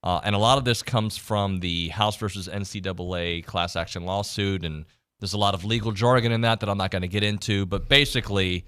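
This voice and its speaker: A man's voice: lowish voice, fairly quick, a bit bright, clear, resonant tone. A man hosting a sports radio show in a studio, chatting casually and self-deprecatingly with plenty of restarts. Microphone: studio microphone.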